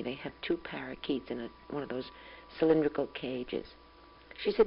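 A young mother speaking calmly and tenderly, recording a rambling spoken letter at home on a tape recorder. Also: rumbling low, moderate pace, vocal fry. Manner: calm, tender, rambling and reflective. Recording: dull old home tape with hum.

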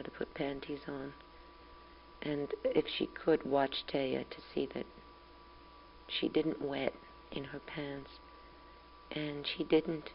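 A young mother speaking calmly and tenderly, recording a rambling spoken letter at home on a tape recorder. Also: deep voice. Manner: calm, tender, rambling and reflective. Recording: dull old home tape with hum.

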